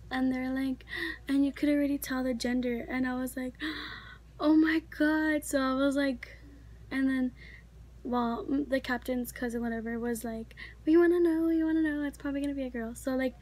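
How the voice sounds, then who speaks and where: A teenage girl tells a story in a casual, rambling way, her voice sitting high. She talks in a chatty rush, packed with fillers. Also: little pitch movement, normal speed. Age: teens. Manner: chatty, filler-heavy, many likes. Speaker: vlogger.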